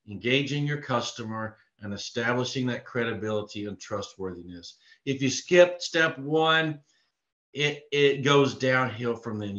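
A Texan man with a mid-range, slightly bright voice leads a live online sales training, coaching earnestly and repetitively. The recording is dull and lo-fi in an echoey room.

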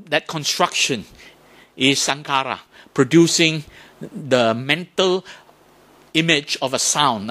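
A man giving a Buddhist dharma talk to an audience, animated, often asking questions and imitating sounds to make his points. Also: fairly high pitch. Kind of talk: lively talk to a temple audience.

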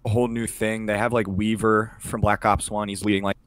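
A man's voice: lowish voice, flat delivery, fairly quick, no echo. A young man co-hosting a podcast, talking crudely in casual chat with lots of fillers. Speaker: podcast co-host.

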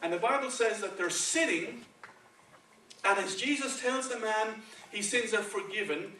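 A man's voice: high voice, measured pace, sharp tone, a little hiss or hum. A man with a Spanish accent preaching a sermon in a conversational way, often checking in with the congregation with "okay" and "right". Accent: Spanish-accented English. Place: church sanctuary. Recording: echoey church, from far off.

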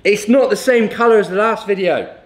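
A man's voice: sits high, brisk. A young man, a fitness coach, chatting casually in a vlog, joking and swearing freely. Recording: echoey room.

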